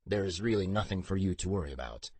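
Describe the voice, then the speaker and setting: A man voicing a soft-spoken older male court official who talks in a formal, measured, gently reassuring way. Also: deep voice, expressive, no echo. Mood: soothing.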